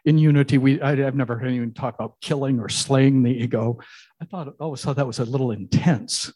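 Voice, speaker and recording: A man's voice: mid-range voice, a little fast, mellow. A man giving a sermon as minister, conversational and telling jokes along the way.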